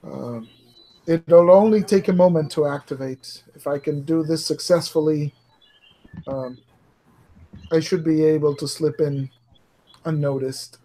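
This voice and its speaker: A man chats through a tabletop game over a video call. He pauses often and fills the gaps with fillers. His voice sits a little high and he talks slowly. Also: fairly even intonation, dark tone. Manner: hesitant, many pauses and fillers. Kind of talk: casual game chat.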